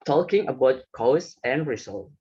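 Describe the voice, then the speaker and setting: A man's voice: mid-range voice, lively intonation, measured pace, mellow, slightly rough, lo-fi sound. A young man giving a class presentation, reading from slides with some hesitant fillers. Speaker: student presenter.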